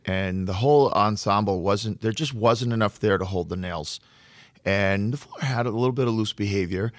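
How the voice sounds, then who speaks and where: A man who runs a flooring business tells work stories in a relaxed conversation, often repeating a word while he gathers his thoughts. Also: on the low side, no room sound, clean studio sound. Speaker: flooring contractor. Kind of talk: storytelling in a podcast conversation.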